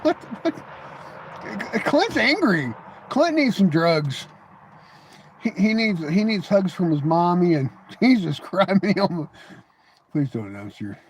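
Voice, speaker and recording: A man hosts a casual live stream and talks back to his viewers in chat. His voice sits a bit high, and he teases and mocks the people writing in. He laughs often and stumbles through repeated words as he gets going. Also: big pitch swings, a little slow, darkish tone, breathy edge.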